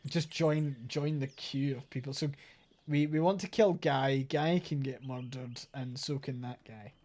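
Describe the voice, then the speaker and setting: Foul-mouthed Scottish streamer. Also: male voice, mid-range voice, steady tone, unhurried, darkish tone. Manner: profane, blunt, sardonic. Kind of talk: live game commentary.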